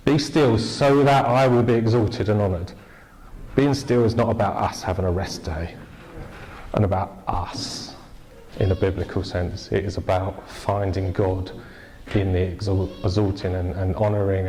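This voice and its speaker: A man's voice: fairly low pitch, darkish tone, rough recording. A man preaching an informal, jokey church sermon, chatting with the congregation and asking them questions.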